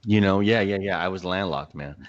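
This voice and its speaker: A man's voice: low-pitched, fairly quick. A man from Miami, a filmmaker, chatting casually and enthusiastically about movies. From Miami, United States. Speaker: filmmaker guest. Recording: slightly dull lo-fi audio.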